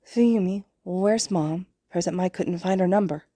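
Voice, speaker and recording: A woman voicing a shy, quiet four-year-old boy in a storybook reading, soft-spoken. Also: on the low side, unhurried, dry recording, clean studio sound.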